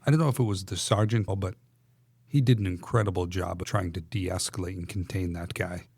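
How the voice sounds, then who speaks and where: A very low-pitched man hosting a casual podcast. His voice is husky and breathy, and it sounds dry and close. He asks his guests open questions in a relaxed way. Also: fairly quick, no room sound. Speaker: podcast host.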